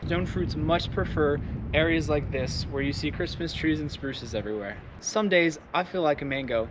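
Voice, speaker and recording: A man vlogs from a windy mountaintop, joking and rambling in an easygoing way. His voice sits fairly high for a man, and cold slows his speech a little. Loud wind noise batters the recording outdoors. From Southern United States. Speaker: vlogger. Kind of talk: casual vlog talk.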